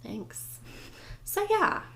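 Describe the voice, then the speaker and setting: A woman's voice: drawn-out words, pushed and bright. A woman co-hosting a casual chat podcast, talking freely and quoting her own thoughts aloud. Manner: chatty, quotes her own thoughts, laughs easily. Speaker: podcast co-host.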